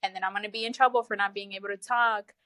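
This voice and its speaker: A woman, telling her own story in a casual, animated way and laughing often. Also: racing, no echo. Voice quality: low, flat-sounding voice she calls sad over the phone.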